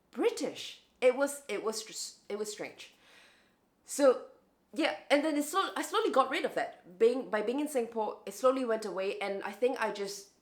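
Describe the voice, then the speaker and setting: Chatty woman vlogging to camera. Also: medium pitch. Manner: chatty, reflective, restarts and repeats words. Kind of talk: casual talk to camera.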